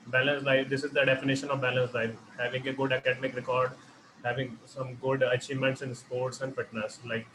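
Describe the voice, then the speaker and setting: A man from India as an interview guest, talking hesitantly with many fillers in an online interview. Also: mid-range voice. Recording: noisy background.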